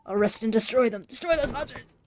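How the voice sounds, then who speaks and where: Woman reading a maddened vengeful man, loud and agitated, video game, light background hiss. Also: a little high, brisk, pitched above the performer's own voice, lightly acted. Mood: desperate. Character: ember-crazed man, wild and vengeful. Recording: faint background noise.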